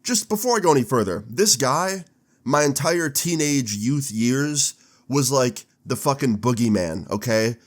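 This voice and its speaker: A young man in his twenties telling a casual storytime, animated and swearing with laid-back slang. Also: medium pitch, measured pace. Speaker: storytime vlogger.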